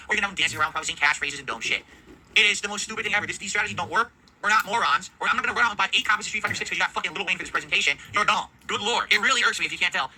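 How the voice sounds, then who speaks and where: A man's voice: sits high, pushed and bright, a little hiss or hum, low-quality recording. A man streaming from his home setup, ranting angrily, swearing heavily and sounding exasperated. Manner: heavily profane, exasperated, rants. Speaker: video game streamer. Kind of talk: angry ranting commentary.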